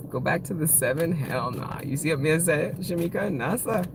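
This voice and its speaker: A woman in her thirties reads tarot live for her viewers, laughing often and swearing freely. She talks with open emotion and a playful edge. A clear background hiss sits under her voice. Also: low-pitched. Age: 30s. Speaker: tarot reader. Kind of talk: casual live-stream tarot reading.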